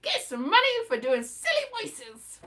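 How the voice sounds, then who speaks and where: A woman's voice: very high voice, wildly swooping pitch, unhurried, pushed and bright. A woman vlogger rambling casually to her viewers, giggly and self-mocking.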